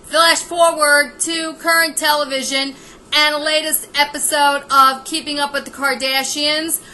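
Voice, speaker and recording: A woman's voice: high voice, little pitch movement, measured pace, bright, forceful tone, low-quality recording. A woman vlogger delivering a sarcastic, exasperated comedic rant.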